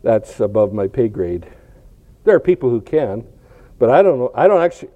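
Mellow-voiced man preaching casually. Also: medium pitch, animated, moderate pace. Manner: conversational, illustrative storytelling with rhetorical questions. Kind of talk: sermon. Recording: dull lo-fi recording.

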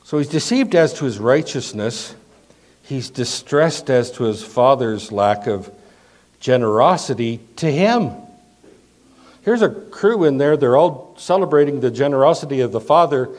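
A man preaching a sermon as pastor, asking the congregation rhetorical questions and swinging between emphatic lines and hushed asides. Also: medium pitch, lively intonation, normal speed.

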